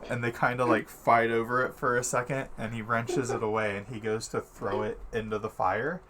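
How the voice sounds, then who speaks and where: A man's voice: mid-range voice, little pitch movement, moderate pace, noisy background. A man narrating as game master of a tabletop game, laid-back, with many fillers and easy laughs.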